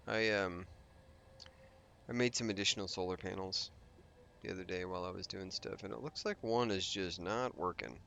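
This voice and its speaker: A man's voice: fairly low pitch, vocal fry, sharp tone. A man hosting a let's play, giving casual gameplay commentary and thinking aloud as he rambles through his plans with restarts and asides.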